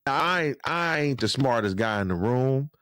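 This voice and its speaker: A man giving casual, profane podcast commentary, animated, with his voice jumping high when he gets worked up. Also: moderate pace, dry recording, clean studio sound.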